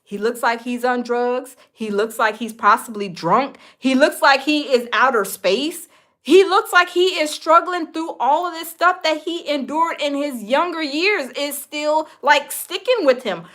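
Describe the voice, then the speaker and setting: A woman's voice: high voice, a little slow, a bit bright. A woman hosting a celebrity gossip commentary, chatty and talking straight to her viewers with lots of fillers. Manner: chatty, addresses viewers directly with many fillers. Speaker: host.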